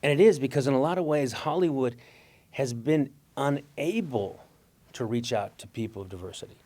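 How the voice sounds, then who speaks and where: Middle-aged guy telling funny stories, acts out voices, laughs a lot, mid pitch. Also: expressive, normal speed, warm tone. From Mexican-American. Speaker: guest speaker. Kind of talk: storytelling talk.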